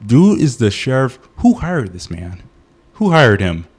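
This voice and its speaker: A man's voice: medium pitch, huge pitch swings, unhurried, darkish tone, slightly rough. A man giving a casual, comedic movie review, ranting in exasperation, often laughing and restarting his sentences.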